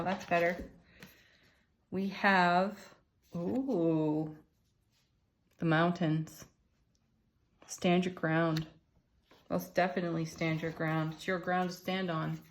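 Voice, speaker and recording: A woman giving a relaxed spiritual tarot reading, encouraging and gentle, with soft laughs and murmured asides. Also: lowish voice, background noise. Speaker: tarot card reader and channel host. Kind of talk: unscripted spiritual card reading.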